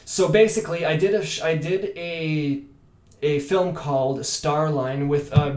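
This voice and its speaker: Animated French-speaking Canadian man. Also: on the high side, unhurried. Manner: animated, many restarts and fillers. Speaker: actor and podcast guest. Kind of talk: casual interview chat. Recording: echoey room.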